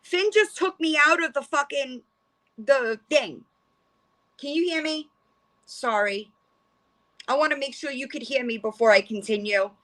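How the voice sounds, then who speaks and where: A woman's voice: high voice, a little slow, pauses often, fairly bright tone. A middle-aged woman hosting a livestream, ranting bluntly and profanely and rambling with frequent restarts. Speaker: livestream host. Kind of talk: casual livestream rant.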